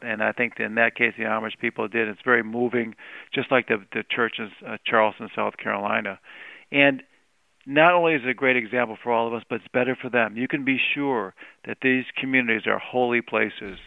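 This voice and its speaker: A man, a priest and psychologist, answering questions as a radio guest in a halting way, often repeating words. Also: medium pitch, gravelly, no room sound. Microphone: remote studio line. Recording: tinny phone line.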